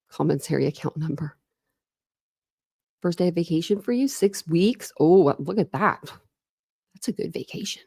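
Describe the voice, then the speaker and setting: A chatty woman in her thirties talks casually to her livestream viewers, greeting them by name and laughing often. Her voice sits a little low, and the sound is dry and close. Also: expressive, unhurried, creaky, pauses often, darkish tone, husky, no room sound. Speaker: true crime livestream host.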